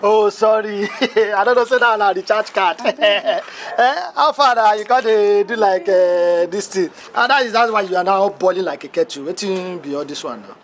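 A man's voice: sits high, moderate pace, hardly any pauses, a little hiss or hum. A boastful Nigerian gateman. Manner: boastful and cheeky in pidgin English. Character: cheeky young male gateman, boastful braggart. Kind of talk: Nollywood film acting.

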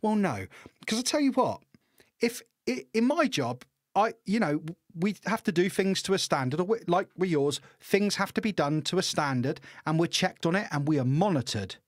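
A middle-aged man co-hosting a podcast, telling stories in an animated, swearing rant with lots of restarts. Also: high-pitched, normal speed, no echo, clean studio sound. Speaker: podcast co-host. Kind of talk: casual ranting chat.

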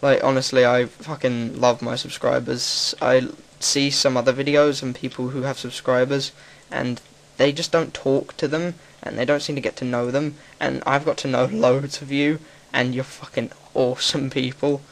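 A man's voice: medium pitch, little pitch movement, normal speed, few pauses. A young man with an English accent, talking frankly and rambling as a gaming commentator. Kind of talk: casual gaming commentary monologue.

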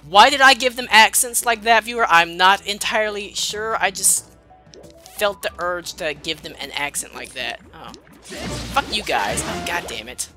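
A woman's voice: medium pitch, expressive, normal speed, bright, forceful tone, faint music behind. A woman giving casual, profane gameplay commentary, muttering and sarcastic as she plays. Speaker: let's play host.

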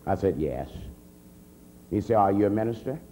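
A man, an assistant pastor, telling his conversion story as a convention sermon, swinging from a low murmur to heated near-shouts. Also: lively intonation, normal speed. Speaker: minister giving testimony. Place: large convention hall. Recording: reverberant hall with faint hum.

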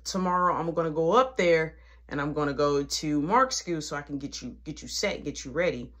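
A strict, no-nonsense mother, as a storyteller puts her on, gives commands in a firm voice. Every order comes short and fast, one after another. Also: fairly high pitch, a bit bright, voice pushed down, lightly acted. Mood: calm advice.

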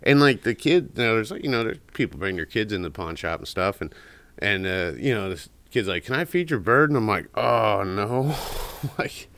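Deep-voiced rambling podcast co-host man. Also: expressive, fairly quick, fairly bright tone, no room sound. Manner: rambling storyteller, mimics a parrot's squawk. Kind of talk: casual chat. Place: cigar shop.

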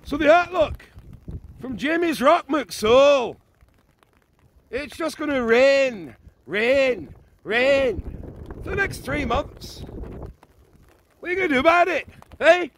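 A man's voice: extremely high pitch, expressive, takes it slowly, pauses often, slight background noise, voice pushed up, exaggerated voice. A man putting on a blunt Scottish male weather reporter in a comic forecast parody, his Scottish accent slipping toward Geordie. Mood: loud blunt. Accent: attempted Scottish, slipping toward Geordie. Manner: loud, blunt, mock-serious forecast.

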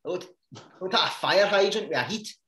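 A man with a North Ayrshire Scottish accent, hosting a podcast and telling stories with lively, sweary energy. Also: sits high, fast, noisy background. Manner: animated storyteller, swears and mimics people. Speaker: podcast host. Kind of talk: casual chat.

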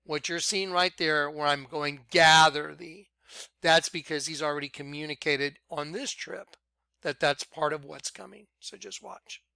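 A man's voice: a little high, creaky, bright, forceful tone, clear, resonant tone, no echo. A man reading old scripture aloud and breaking off to explain it, stressing words by drawing them out and telling listeners to watch. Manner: emphatic, repeats "watch", drawn-out words for emphasis. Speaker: self-styled preacher.

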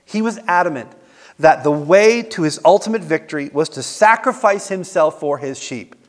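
A man with a high, light voice preaches a sermon in a church sanctuary. He talks earnestly and with emphasis, and he often asks rhetorical questions. A long reverb rings around his voice. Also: expressive, moderate pace. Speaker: pastor.

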